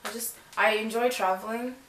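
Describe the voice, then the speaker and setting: A woman's voice: on the high side, steady tone, normal speed, fairly bright tone. A young woman from Canada with a Canadian accent, chatting casually and rambling while she does her makeup. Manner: rambling, chatty, lots of filler words. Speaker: beauty vlogger. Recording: roomy, distant mic, faint noise.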